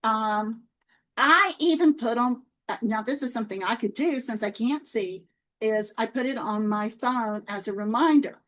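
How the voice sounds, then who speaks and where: Chatty high-voiced woman sharing faith stories. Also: moderate pace, rough recording. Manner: chatty storyteller, lively and warm with viewers. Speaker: Christian author and video host. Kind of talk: casual faith talk to viewers.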